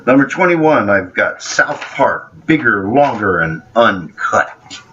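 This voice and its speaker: A man's voice: fairly low pitch, very animated, takes it slowly, pushed and bright. A man who works as an actor, co-hosting a casual movie chat in a playful, jokey way. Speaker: co-host of a movie review show, working actor. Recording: dull sound with faint background hiss.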